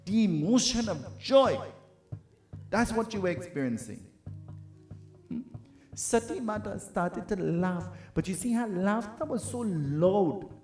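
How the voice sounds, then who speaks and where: A man giving a storytelling sermon in an animated, teasing way, often asking his listeners "huh?". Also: sits high, a little slow. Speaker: preacher. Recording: roomy hall with faint tabla music.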